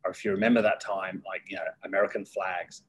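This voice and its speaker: Husky-voiced man telling stories. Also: low voice, quick pace, low-quality recording. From United Kingdom. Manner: lively storyteller who acts out quoted voices. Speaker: guest. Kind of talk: casual interview storytelling.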